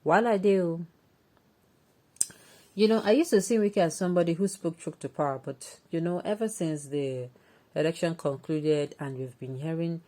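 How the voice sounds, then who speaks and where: A woman with a Nigerian accent presenting a news story and adding opinionated, animated commentary. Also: deep voice, normal speed. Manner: opinionated, animated, chatty asides.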